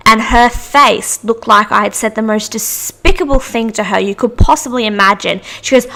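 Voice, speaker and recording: A woman's voice: on the high side, moderate pace, gravelly, few pauses, bright, forceful tone. A young woman hosting a podcast, chatting through anecdotes with frequent restarts. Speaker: podcast host. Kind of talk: casual storytelling monologue.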